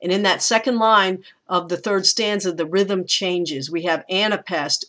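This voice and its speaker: A woman teacher giving a recorded lecture, talking in a thoughtful, unhurried way with frequent pauses and restarts. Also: medium pitch, bright, forceful tone.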